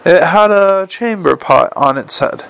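A man narrating a comic novel for an audiobook in a wry, even storytelling manner. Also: high voice, a little slow, vocal fry, a little hiss or hum.

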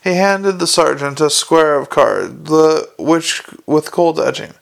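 Gravelly male audiobook narrator. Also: fairly high pitch, slow. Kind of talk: scripted narration.

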